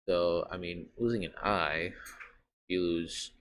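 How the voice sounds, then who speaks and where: A man reading a horror visual novel aloud, dramatic, with sudden loud outbursts and rambling asides. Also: low voice, steady tone, slow pace, slight background noise. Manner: dramatic, blurts out loud swearing, trails off into asides. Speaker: gaming YouTuber.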